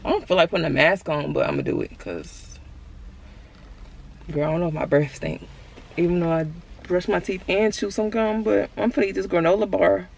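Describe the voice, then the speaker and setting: A woman's voice: lowish voice, steady tone, a little fast, vocal fry, a little hiss or hum. A woman from Georgia talking casually to her viewers in a vlog, slangy and chatty, calling them "y'all" and "girl". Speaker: vlogger. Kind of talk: casual vlog chat to camera. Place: in a car, then walking outside. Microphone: handheld camera.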